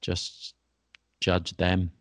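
A man from England hosts a casual podcast conversation in a low, gravelly voice. He talks in a relaxed way, laughs easily and sometimes lets his sentences trail off. The sound is dry and close. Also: very slow, no echo. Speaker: podcast host.

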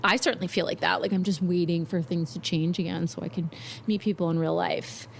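A woman's voice: lowish voice, steady tone, a little fast, gravelly. Chatty, hedging woman with faint background hiss. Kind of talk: casual chat.

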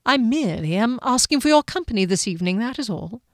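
A woman voicing a smooth-talking male wizard with a silky, teasing manner. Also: fairly high pitch, animated, fast talker, dry recording, studio quality, pitched above the performer's own voice.

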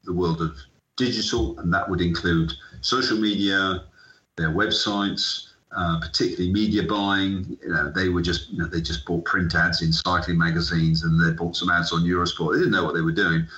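A middle-aged British sports entrepreneur, appearing as an interview guest, tells animated stories and acts out the conversations he remembers. His voice is low and his pace moderate. The recording sounds dull and lo-fi, with an echoey room.

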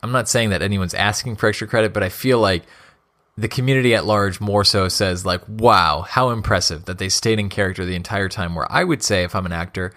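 A man's voice: fairly low pitch, fairly quick, fairly bright tone. A man co-hosting a podcast in casual chat, opinionated and laughing often. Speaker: podcast co-host.

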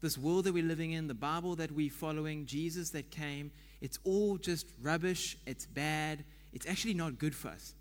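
Man, pastor, conversational sermon, fairly high voice, long church-hall reverb. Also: moderate pace, hardly any pauses. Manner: chatty, quizzes the congregation.

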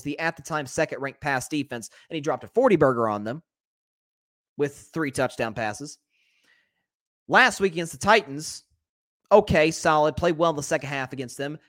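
Hosting a solo sports talk show, a man with a fairly high, bright voice speaks emphatically while firing off stats in rapid succession.

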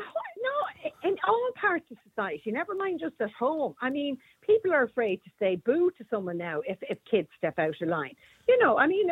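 A woman's voice: a little high, slightly rough. A woman co-hosting a casual radio chat, outspoken and emphatic. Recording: slightly dull radio sound with faint noise.

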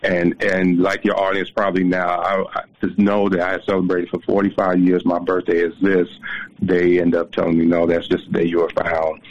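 A man's voice: sits low, completely flat delivery, a little fast, slight background noise. A man in his forties telling a personal story as a guest, emotional and repeating his words, heard over a muffled phone line. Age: 40s. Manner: emotional, repeats words, preacherly near the end.

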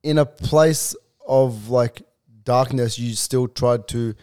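A man's voice: medium pitch, slow pace, a little mellow, smooth. A man hosting a podcast in casual chat, supportive, laughing and chiming in with short replies. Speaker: podcast host.

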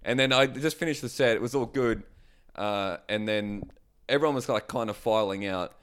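A man's voice: on the low side, moderate pace, clear, resonant tone. A man, a stand-up comedian, telling a story in casual chat, loose and swearing. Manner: loose, swearing, animated retelling.

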